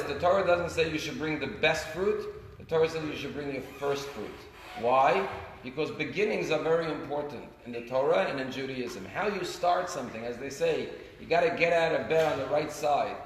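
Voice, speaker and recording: A man giving a sermon as a rabbi, telling stories earnestly with his volume rising and falling. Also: fairly high pitch. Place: synagogue sanctuary. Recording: echoey sanctuary with long reverb, faint noise.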